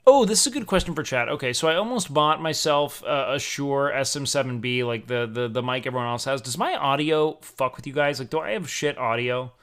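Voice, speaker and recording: A man's voice: on the high side, fairly bright tone, clean tone. Rambling, foul-mouthed young streamer guy. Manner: loose, profane, rambling with many fillers. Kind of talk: casual chat with live chat.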